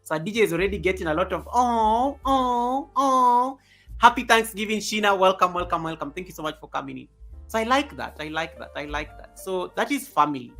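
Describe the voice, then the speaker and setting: An animated male live stream host. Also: high-pitched. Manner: animated, reads chat comments aloud, chuckles often. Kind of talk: casual live stream chat. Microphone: USB desk microphone.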